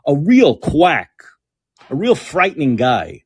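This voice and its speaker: Slow-paced yet very animated, this male podcast host's slightly high, breathy voice carries an angry political rant. Sarcasm and constant swearing drive the commentary.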